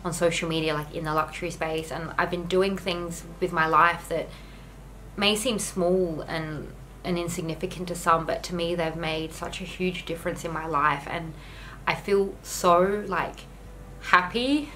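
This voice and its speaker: A woman's voice: fairly low pitch, fairly even intonation, normal speed, fairly bright tone, slight background noise, poor audio. A young woman talking candidly to camera in a home vlog, earnest and rambling with lots of "like" fillers. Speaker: YouTuber.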